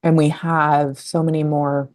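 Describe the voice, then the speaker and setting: A woman in her fifties from Colorado speaks in a low voice. She tells her story in a loose, reflective way, stopping and restarting and growing emotional as she goes. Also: flat delivery, unhurried, darkish tone. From Colorado, USA. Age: 50s. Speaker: podcast guest, communication coach. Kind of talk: casual interview storytelling.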